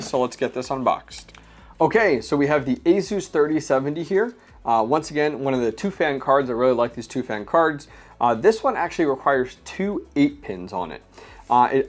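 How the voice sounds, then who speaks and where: Chatty man unboxing graphics cards. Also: mid-range voice. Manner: chatty, filler-heavy, explains hardware step by step. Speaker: crypto mining channel host. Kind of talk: casual unboxing vlog.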